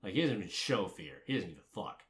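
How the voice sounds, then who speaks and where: A man's voice: low-pitched, very animated, quick pace, fairly bright tone. A man recapping a story in casual, sarcastic chat, swearing often.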